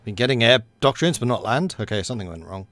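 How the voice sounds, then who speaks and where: A man's voice: medium pitch, lively intonation, fast, fairly bright tone, no echo. A man giving casual, wry commentary while playing a strategy game and chatting to his units. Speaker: let's play commentator.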